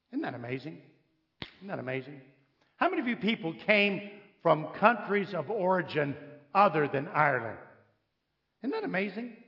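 A raised, gravelly man preaches to a congregation, swinging between jokes and pointed questions as he tells his stories. The recording is dull and lo-fi. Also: fairly high pitch. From United States. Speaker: visiting preacher. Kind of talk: sermon.

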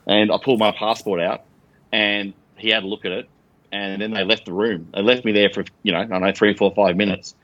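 A man's voice: lowish voice, brisk, no room sound, lo-fi sound. A middle-aged Australian man telling rambling stories in a casual interview, acting out quoted lines. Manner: rambling, animated anecdotes with acted-out quotes. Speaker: guest.

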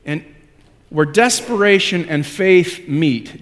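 A man's voice: medium pitch, measured pace, long reverb tail. A male pastor preaching a sermon in a conversational, self-deprecating way that builds into emphatic repetition.

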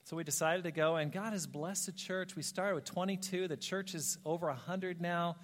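A pastor preaching a sermon in a church, telling personal stories in an animated way and acting out the voices of people he quotes. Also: high-pitched, moderate pace. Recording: long hall reverb.

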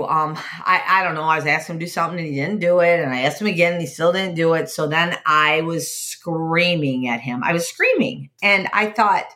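Low-voiced woman telling a candid story. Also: fairly bright tone. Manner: candid and confessional, repeats phrases for emphasis. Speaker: podcast host. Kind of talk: personal storytelling monologue.

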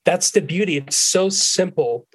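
A man who is a guest on a Christian podcast, speaking slowly and deliberately and stressing key words. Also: sits high, fairly bright tone, breathy edge, low-quality recording.

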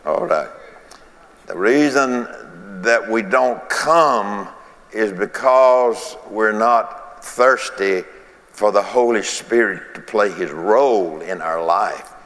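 Male preacher, slow deliberate delivery, low voice, big echoing church sound. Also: a bit bright. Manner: folksy, repeats phrases, laughs between points. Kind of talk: sermon.

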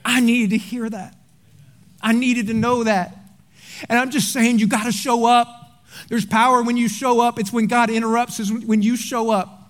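A male pastor delivers a sermon in a strikingly high voice. He tells stories with animated energy and then slows into quiet, earnest appeals. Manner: animated storytelling, drops to quiet earnest tones.

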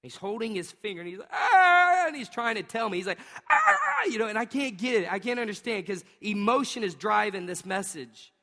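A man's voice: high voice, fast talker, hardly any pauses. A man in his thirties preaching a sermon, telling a family story with lots of energy, laughing often and acting out the sounds his kids make. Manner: animated storytelling with bursts of acted-out sounds. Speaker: pastor. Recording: reverberant hall.

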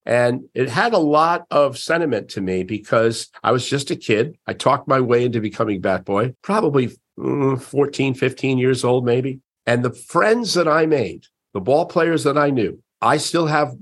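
An older man with a husky, slightly rough voice, a sportscaster guest on a podcast. He tells long anecdotes in an animated way and jumps up in pitch whenever he acts out someone else's lines. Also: normal speed, hardly any pauses. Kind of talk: storytelling interview.

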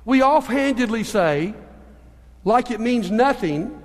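A man preaching a sermon as a pastor, telling stories in an animated way and moving between hushed and emphatic delivery. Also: very high voice, moderate pace, big-room sound. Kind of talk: sermon with storytelling.

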